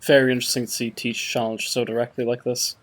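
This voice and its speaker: A man's voice: mid-range voice, little pitch movement, fast. A man hosting a reaction video, chatting casually and enthusiastically, laughing often. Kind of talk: casual chat reacting to a show.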